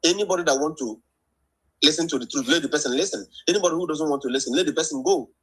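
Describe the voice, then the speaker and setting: Husky man calling in emphatically. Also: on the high side, very fast, fairly bright tone, poor audio. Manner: emphatic, preachy, repeats "understand?". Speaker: caller. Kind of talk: heated call-in comments.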